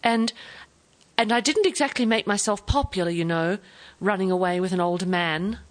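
A woman's voice: medium pitch, normal speed, lightly acted. A woman voicing an ambitious young English wife who talks eagerly and then defiantly.

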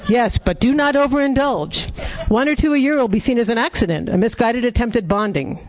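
A man voicing a smart male dog who lectures his pack in a calm, explanatory way. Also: extremely high pitch, fairly quick, voice pushed up. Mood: instructive.

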